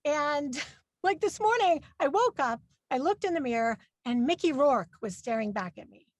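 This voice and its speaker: A woman in her forties doing a stand-up comedy set, with a brash, punchy delivery and loud put-on voices for her parents. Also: high voice, expressive, normal speed, no room sound, clean studio sound. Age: 40s.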